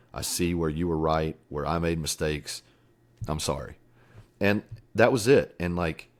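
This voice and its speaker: A middle-aged man guesting on a podcast, telling his story in an earnest, reflective way, swearing casually, with many fillers. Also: very deep voice. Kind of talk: candid interview storytelling.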